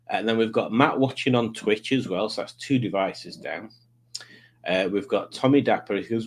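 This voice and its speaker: Brief: male stream host, medium pitch, jokey and rambling, casual live chat. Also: moderate pace. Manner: rambling, self-mocking, jokey.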